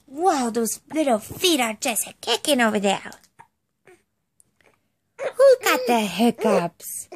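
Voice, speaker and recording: A woman's voice: on the high side, big pitch swings, takes it slowly, pauses often, a little hiss or hum. A young mother cooing to her baby in playful, amazed baby talk.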